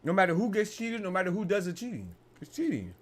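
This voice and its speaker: A young man hosting a casual boxing podcast, talking in a heated, animated way and peppering his lines with "bro" and profanity. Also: sits high, fast. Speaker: podcast host.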